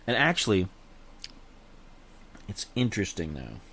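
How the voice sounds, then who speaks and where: Low-voiced rambling man. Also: sing-song, a little slow, gravelly, fairly bright tone, a little hiss or hum. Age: adult with a young daughter. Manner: rambling, unsure, often hedges and restarts. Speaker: channel host. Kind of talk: casual solo chat.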